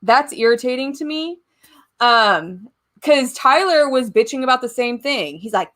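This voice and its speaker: A young woman chats slowly and loosely to her viewers on a live stream from home. Her voice sits a little high, and she breaks into giggles and casual swearing as she goes. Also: expressive, fairly bright tone. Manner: chatty, giggly, casually profane. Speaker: YouTube live-stream host.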